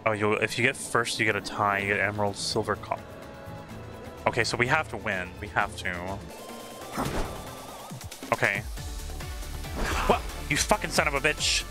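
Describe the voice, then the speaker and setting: A young man streaming a game, reacting out loud, excitable and swearing a lot as he talks to the screen. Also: lowish voice, normal speed, pauses often, over music. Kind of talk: casual reaction commentary. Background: game soundtrack and game dialogue.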